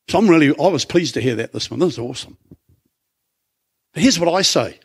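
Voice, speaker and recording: A middle-aged man with an Australian accent preaching in church, conversational and animated, full of rhetorical questions. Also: a little high, fast, long pauses, slightly rough. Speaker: pastor. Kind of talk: sermon.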